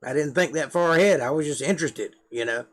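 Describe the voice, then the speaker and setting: A man's voice: fairly high pitch, fast talker, fairly bright tone. A middle-aged man with a Georgia Southern drawl, rambling and self-deprecating in casual live-stream chat to camera. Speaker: live-stream host, musician.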